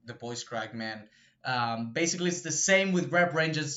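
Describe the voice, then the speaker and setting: A man's voice: mid-range voice, fairly even intonation, measured pace, pushed and bright, lo-fi sound. A man hosting a fitness channel, explaining training in a loose, profane way with lots of fillers and "right?" tags. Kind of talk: casual explainer talk to camera.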